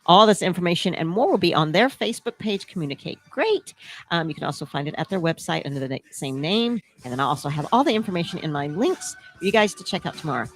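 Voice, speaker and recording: A woman's voice: fairly low pitch, expressive, quick pace. A woman hosting a radio talk show, chatty and encouraging with many fillers. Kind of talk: casual interview chat.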